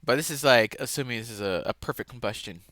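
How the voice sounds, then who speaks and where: A man giving a casual, rambling home-made lesson, correcting himself as he goes and sometimes bursting out loudly. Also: medium pitch, fast talker, no room sound, clean studio sound. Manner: casual, self-correcting, laughs at own mistakes, sudden loud outbursts. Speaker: lesson presenter.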